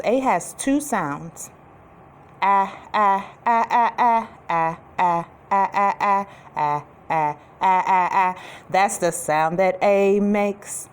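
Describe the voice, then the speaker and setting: A woman teacher giving a recorded lesson to young children, speaking clearly and patiently and drawing out letter sounds. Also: on the low side, a little hiss or hum.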